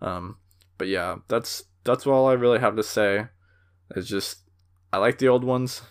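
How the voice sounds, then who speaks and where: Young man, solo podcast host, heated rant, lots of "like" and "uh", mid-pitched voice. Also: unhurried, clear, resonant tone. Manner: heated, animated ranting with many fillers.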